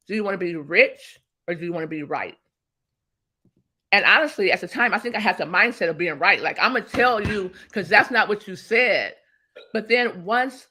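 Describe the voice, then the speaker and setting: A woman's voice: on the low side, sharp tone. A woman guest in an interview, talking emphatically and telling stories that act out past conversations. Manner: emphatic, storytelling, acts out quoted exchanges. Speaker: interview guest, business coach.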